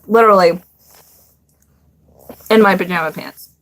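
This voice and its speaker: A woman's voice: fairly low pitch, measured pace, a bit bright, slight background noise. Blunt, profane woman streamer. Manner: blunt and profane, laughs often. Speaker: live stream host. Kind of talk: casual live-stream chat.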